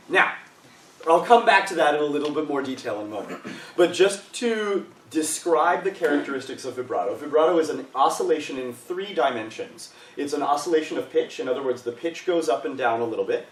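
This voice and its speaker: In a reverberant rehearsal room, a man teaches a live choir workshop, his slightly high voice animated and fairly quick. He's well off-mic with a faint hiss in the recording, and he walks the singers through vocal exercises with patience and encouragement.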